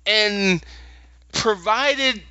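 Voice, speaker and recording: A man's voice: high voice, extremely slow, pushed and bright, no room sound, lo-fi sound. A man co-hosting a podcast, recapping a story in a casual, rambling way with many restarts. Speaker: podcast co-host.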